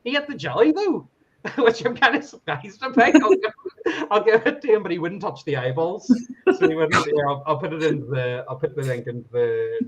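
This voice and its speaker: A man talks in a loose, rambling way, laughing often and swearing. His voice sits at a middle pitch. The audio is dull and lo-fi. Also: fairly bright tone. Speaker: podcast guest. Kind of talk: casual chat.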